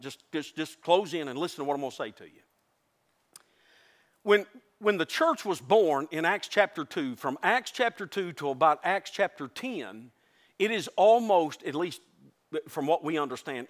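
A man's voice: a little high, a bit bright. A man preaching a sermon to his congregation, impassioned and joking, often repeating and restarting his words. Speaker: pastor. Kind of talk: lively Southern revival sermon. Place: church sanctuary before a congregation.

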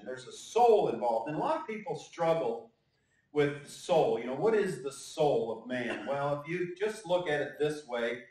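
A male pastor giving a conversational sermon with joking asides and frequent fillers. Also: mid-range voice. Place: church sanctuary. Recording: echoey church hall, mic at a distance.

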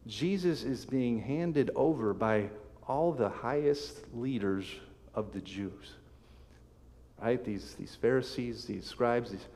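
A man preaching a sermon as pastor, reading scripture aloud with emphatic swells and sudden soft drops. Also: mid-range voice. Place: church sanctuary. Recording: long hall reverb.

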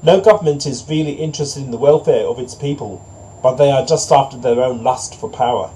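Mellow-voiced man telling a fable. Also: medium pitch, brisk, slight background noise, low-quality recording. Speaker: narrator. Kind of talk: storybook narration, then preachy commentary.

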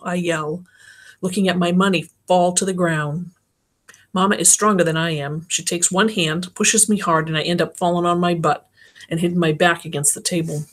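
A woman narrating a novel in the first person for an audiobook. Her delivery is plain and even, pitched on the low side. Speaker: audiobook reader.

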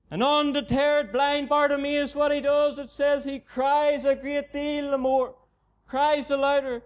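A man's voice: very high-pitched, little pitch movement, normal speed. A man with a Northern Irish accent preaching a gospel sermon in a mission tent, earnestly repeating his appeals to the unbeliever.

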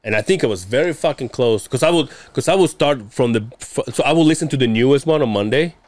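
A man's voice: mid-range voice, expressive, fast, a little mellow, dry recording. A young adult man co-hosting a podcast in casual chat, rambling and swearing, laughing often. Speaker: podcast co-host.

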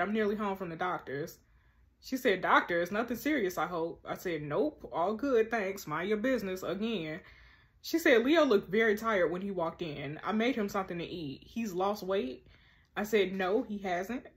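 Sassy woman reading and reacting. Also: medium pitch. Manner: sassy, animated, quick-tempered commentary with slangy asides. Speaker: host. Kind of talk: reading a text-message story game aloud with reactions.

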